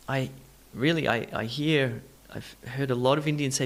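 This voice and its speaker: A man teaching an English pronunciation lesson, explaining directly to learners and repeating words slowly to model syllable stress. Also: mid-range voice, a bit bright.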